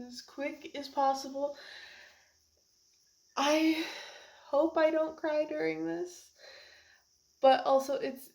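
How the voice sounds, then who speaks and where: Young woman gushing about a book, high voice, slow and teary, keeps laughing through it. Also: darkish tone. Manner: emotional, rambling, laughs often and near tears. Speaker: book reviewer. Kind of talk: casual book review vlog.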